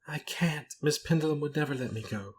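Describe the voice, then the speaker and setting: A man voicing a timid, frightened young female companion who speaks softly and tearfully, hesitating as she goes. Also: medium pitch, fast talker, natural voice.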